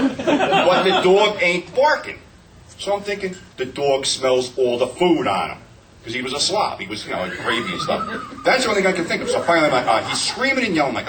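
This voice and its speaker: Profane, animated man telling stories. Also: fairly high pitch, a little fast, distant mic, crowd noise. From New Jersey. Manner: profane, animated anecdotes with acted-out quotes. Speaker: panel guest telling stories. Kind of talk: casual convention panel storytelling. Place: convention panel room.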